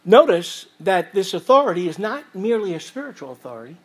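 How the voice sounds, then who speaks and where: A man preaching an expository sermon as pastor, reading scripture aloud and swinging between loud emphasis and quiet asides. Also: sits high, sing-song, a little fast, husky.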